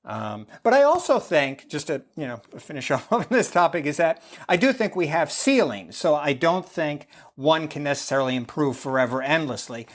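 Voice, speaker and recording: A man's voice: fairly high pitch, big pitch swings, moderate pace, hardly any pauses. A middle-aged American man talking casually as a podcast guest, rambling with many fillers and frequent laughs. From United States. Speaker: podcast guest, amateur chess player. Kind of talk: casual interview talk.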